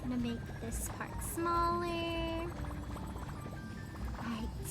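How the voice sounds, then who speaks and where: A woman's voice: very high voice, drawn-out words. A woman streamer chatting casually with her live chat, bubbly and giggly, greeting viewers by name, her voice still recovering from strain. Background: game music.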